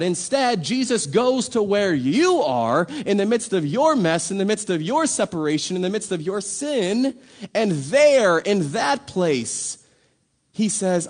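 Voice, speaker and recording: A man preaching a sermon in a conversational, emphatic way, full of rhetorical questions. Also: sits high. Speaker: pastor.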